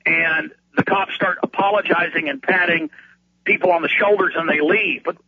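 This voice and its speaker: High-voiced husky man ranting on radio. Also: fairly even intonation, moderate pace, dry recording. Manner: heated, ranting, repeats words when worked up. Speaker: radio talk show host. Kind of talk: impassioned radio monologue. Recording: dull lo-fi radio recording.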